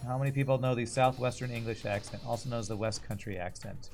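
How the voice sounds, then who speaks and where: Chatty American streamer, music behind. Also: male voice, mid-range voice, quick pace, creaky, darkish tone. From Texas, USA. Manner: chatty, rambling, reads chat aloud. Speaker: game streamer. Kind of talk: casual gameplay commentary with chat. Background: faint game music.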